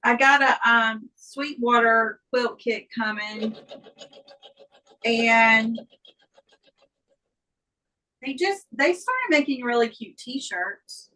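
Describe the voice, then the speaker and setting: Slow, bright-voiced woman chatting about quilting. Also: on the high side, low-quality recording. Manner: slow, hesitant, with many ums. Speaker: guest on a sewing livestream. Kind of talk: casual chat.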